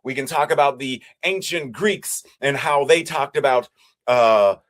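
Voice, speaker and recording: A man preaching as a minister, with a measured, repetitive cadence. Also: medium pitch, fairly bright tone. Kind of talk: sermon.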